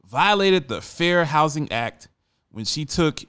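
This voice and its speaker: A man's voice: on the high side, lively intonation, takes it slowly, a bit bright, clean tone. A man hosting a radio talk show, reading a news article aloud and breaking off into fired-up, laughing asides, sometimes stumbling over his words.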